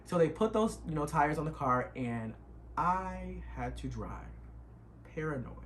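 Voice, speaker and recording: A young man, retelling a stressful road trip in an animated, emotional storytime vlog. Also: a little high, measured pace, slight background noise. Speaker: vlogger. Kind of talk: casual storytime.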